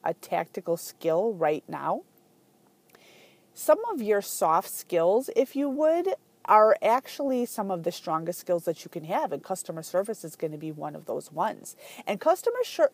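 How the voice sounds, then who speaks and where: A woman hosting a podcast, telling a story in a chatty, animated way with lots of fillers. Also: medium pitch, no echo. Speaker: podcast host. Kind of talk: casual podcast monologue.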